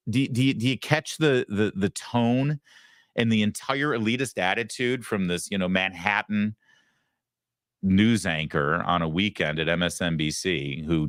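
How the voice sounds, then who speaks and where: Sarcastic low-voiced male host. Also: a little slow, fairly bright tone, no echo, clean studio sound. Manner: sarcastic, mocking, emphatic. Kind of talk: opinionated commentary.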